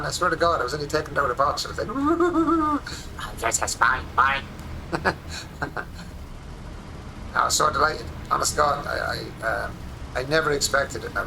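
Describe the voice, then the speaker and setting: An Irish man in his forties, a streamer rambling excitedly through casual commentary while he plays a game at his home desk. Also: mid-range voice, vocal fry, background noise. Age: 40s.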